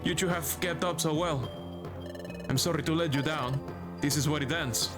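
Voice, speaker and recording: A man's voice: on the high side, normal speed, lightly acted. A man reading the lines of a serious, determined male lizard rebel from a video game, earnest and resolute, over background music. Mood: resigned.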